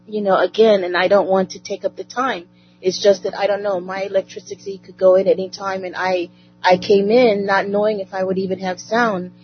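A woman giving a heartfelt, rambling testimony at an online prayer service, full of devout phrases, over a phone or computer call. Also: medium pitch. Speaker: church member giving a testimony. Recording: muffled lo-fi call audio with faint music.

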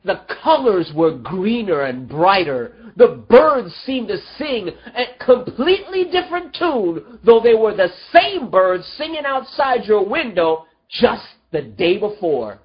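An unhurried preacher pours out an emotional sermon, pitch rising and falling widely from line to line. Rhetorical questions pile up, and the voice sinks low and soft at the tender points, heard on a slightly dull, lo-fi recording. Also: very animated.

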